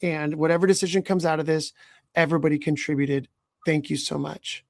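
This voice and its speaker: A man's voice: fairly high pitch, fairly even intonation, fairly quick, vocal fry, no echo, studio quality. A man hosting a podcast as a leadership coach, giving earnest advice and often checking in with "right?". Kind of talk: podcast conversation.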